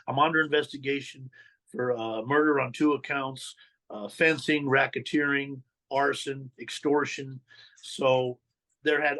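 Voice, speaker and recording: A man's voice: medium pitch, a bit bright, poor audio. A middle-aged man, a guest on a podcast, telling his life story candidly in blunt street slang and acting out the voices of the people in it. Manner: street slang, swears, acts out quoted dialogue.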